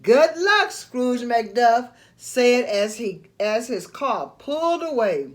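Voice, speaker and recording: A woman reads a children's storybook aloud, slowly and expressively. Her voice is high and swings widely in pitch. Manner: expressive, slow read-aloud.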